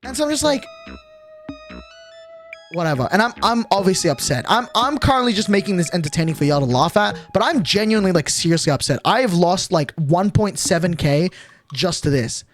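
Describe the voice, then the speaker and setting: A man's voice: sits high, lively intonation, a little fast, faint music behind. A young man streamer telling a storytime on a livestream, exasperated and swearing a lot, with frequent restarts.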